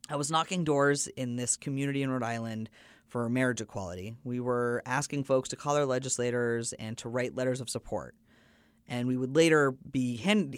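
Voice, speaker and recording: A man's voice: mid-range voice, no echo. A man hosting a podcast, telling a personal story in an earnest, conversational way. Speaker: podcast host.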